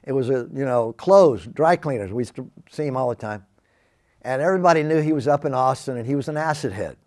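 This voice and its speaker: An older man from Texas, telling his personal faith testimony in an animated way and acting out the quoted speech. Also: mid-range voice, fairly quick. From Texas, USA. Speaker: Christian testimony speaker.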